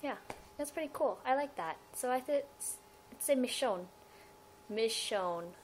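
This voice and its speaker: A woman's voice: fairly high pitch, lively intonation, measured pace, darkish tone, a little hiss or hum, rough recording. Chatty young woman rambling on a webcam. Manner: rambling, giggly, self-interrupting. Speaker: fan vlogger. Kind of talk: casual fan vlog Q&A.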